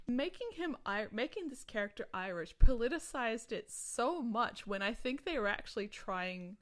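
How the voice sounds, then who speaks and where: A woman's voice: a little high, expressive, moderate pace, hardly any pauses, fairly bright tone. Chatty woman rambling about films. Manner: rambling, chatty, many restarts and likes. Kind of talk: casual film podcast chat.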